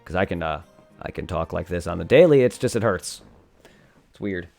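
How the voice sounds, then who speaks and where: A man putting on a deep, soft, hushed voice in a jokey whispered role-play. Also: lively intonation, normal speed, vocal fry, soft background music.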